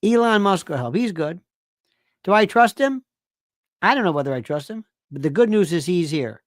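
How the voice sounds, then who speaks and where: A man's voice: high-pitched, expressive, normal speed, dry recording, clean studio sound. Emphatic ranting male talk host. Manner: emphatic, repetitive, sarcastic. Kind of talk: ranting political commentary.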